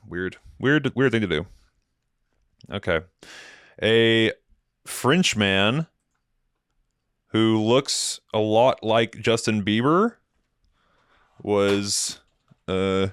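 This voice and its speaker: A deep-voiced man rambles through a comedy podcast monologue, profane and sardonic, with plenty of restarts. His voice is smooth and resonant, recorded dry and close with no room around it. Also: dry recording. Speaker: podcast host.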